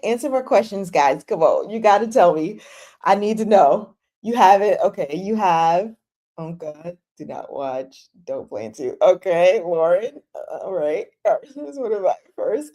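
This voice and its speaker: A woman's voice: fairly low pitch, normal speed. A young woman hosting a live chat about dramas, talking casually and with animation, gushing one moment and exasperated the next. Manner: animated, gushing and exasperated, acts out her own reactions.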